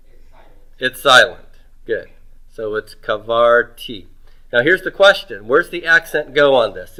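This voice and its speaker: A middle-aged man teaching Hebrew grammar in a homework review lecture. He asks questions and answers them himself, drawing out words slowly. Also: mid-range voice, bright, forceful tone, low-quality recording.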